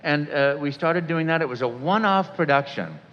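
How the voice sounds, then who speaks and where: A man, a voice actor, telling a story on stage in an animated way and voicing people in it. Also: a little high, moderate pace. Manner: animated, voices other people in his stories. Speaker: voice actor guest. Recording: echoey hall, dull sound.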